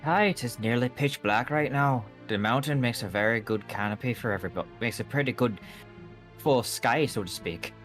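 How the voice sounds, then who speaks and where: Give me a man putting on a gruff, imposing investigator for a tabletop game, blunt and streetwise. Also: mid-range voice, moderate pace, fairly bright tone, soft background music, lightly acted. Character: imposing male traveling investigator. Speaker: player.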